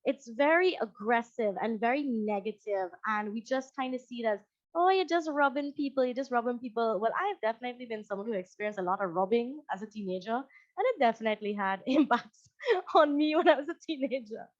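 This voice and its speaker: A high-voiced woman with a Guyanese accent, talking to an audience on a video call. She is conversational and animated, slipping into other voices to act out what parents say. The sound is dry and a little dull, as from a call mic. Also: brisk, no echo. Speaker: psychologist.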